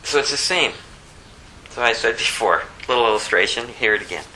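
Bright-voiced man preaching casually. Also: expressive, a little hiss or hum, low-quality recording. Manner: conversational, plays out the story characters in quick voices; rises high and loud when stressing a point. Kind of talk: informal sermon.

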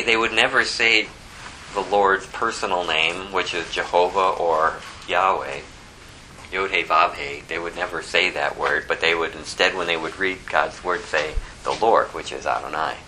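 Guy preaching a sermon, really bright edgy voice, gets loud then drops way down quiet, bit of hiss. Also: low-quality recording. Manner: expository preaching, swinging between loud emphatic peaks and low quiet asides. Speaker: pastor.

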